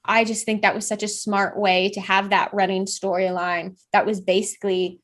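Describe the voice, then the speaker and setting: A woman's voice: medium pitch, flat delivery, normal speed. A woman co-hosting a casual reaction chat, thinking aloud in long, rambling sentences that trail off. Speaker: co-host.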